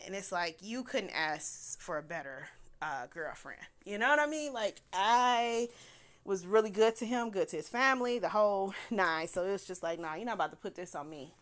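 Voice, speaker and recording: Gal spilling a wild personal story, laughs a lot, cusses, bright sharp voice. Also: female voice, mid-range voice, animated, moderate pace. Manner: candid, laughs often, swears freely.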